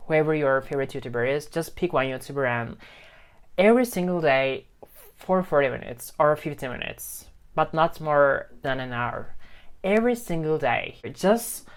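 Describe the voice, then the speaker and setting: A man's voice: on the high side, normal speed, smooth. A man speaking English as a second language, talking earnestly to a phone camera, repeating his points with lots of fillers. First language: not English. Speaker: English learning vlogger. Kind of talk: casual talk to camera.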